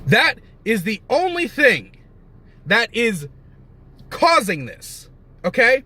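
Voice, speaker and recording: Young guy ranting and swearing, high voice that jumps around a lot, sarcastic, corrects himself as he goes. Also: huge pitch swings, takes it slowly, bright, forceful tone, husky. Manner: profane, heated, sarcastic; rambling with self-corrections. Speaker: commentator. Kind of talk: ranting commentary.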